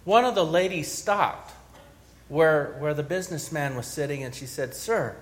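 Storytelling male pastor, slightly high voice. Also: expressive, moderate pace. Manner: storytelling with rising emphasis and small restarts. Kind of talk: sermon.

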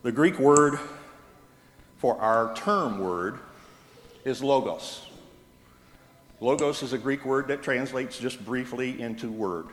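A pastor delivers a Sunday sermon, telling stories with a light touch of humor. His voice sits at an ordinary middle pitch. It carries through a roomy church hall with a long reverb tail. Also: slow, long pauses, a little hiss or hum. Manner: storytelling with gentle humor. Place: church sanctuary. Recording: echoey church hall from a distance.

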